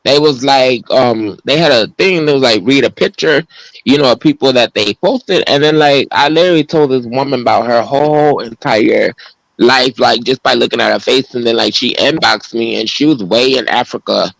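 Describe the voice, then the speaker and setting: A man, the host's cousin, talking in a relaxed, rambling way with many fillers as a guest on a livestream. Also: medium pitch, normal speed, creaky, no room sound, rough recording. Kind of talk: casual conversation.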